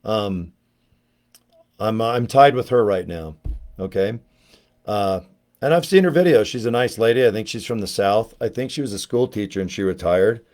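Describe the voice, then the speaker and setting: A man's voice: lowish voice, animated, normal speed, darkish tone. A man vlogging about network marketing in a rambling, joking monologue, laughing often and slipping into silly voices.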